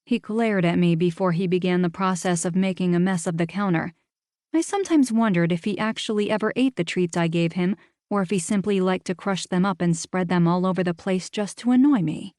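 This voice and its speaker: Woman narrator, mid pitch, wry first-person reading, dry studio sound. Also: brisk, darkish tone, no room sound. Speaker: audiobook narrator.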